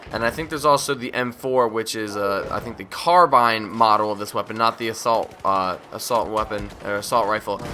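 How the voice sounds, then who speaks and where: Talking over his own gameplay, this man jokes around, mocks himself, and wanders from topic to topic, yawning now and then as if drowsy. His voice is medium in pitch with a sharp tone, and there's slight background noise.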